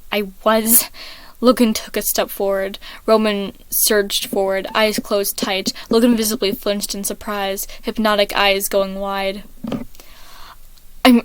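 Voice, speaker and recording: A woman reading an online fan story aloud, steady and measured. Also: medium pitch, clear, resonant tone, dry recording. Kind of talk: story read-aloud narration.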